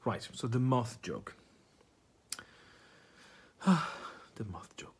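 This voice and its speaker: Husky man rambling comic monologue. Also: medium pitch, animated, extremely slow. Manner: meandering, profane and absurd. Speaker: comedian vlogger.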